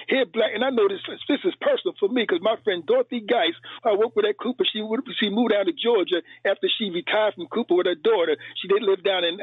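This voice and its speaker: A man's voice: sits high, slightly rough, dry recording. A man calling in to a radio show, heated and rambling, stumbling over and repeating his words. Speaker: caller. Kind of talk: call-in radio rant. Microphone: telephone. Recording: tinny phone line.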